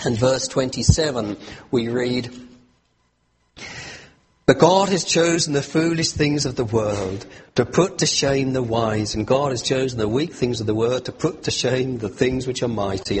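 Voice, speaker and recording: A man's voice: medium pitch, a little hiss or hum. A man preaching a sermon, retelling a scripture story with asides to his listeners and rising emphasis.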